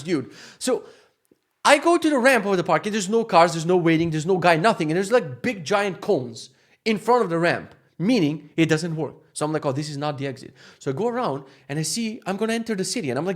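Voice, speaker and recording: Young guy venting a travel story, cusses a lot, slightly high voice, gets loud and riled up. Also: a little fast. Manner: exasperated, profane, animated storyteller. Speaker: vlogger. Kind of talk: casual rant storytelling.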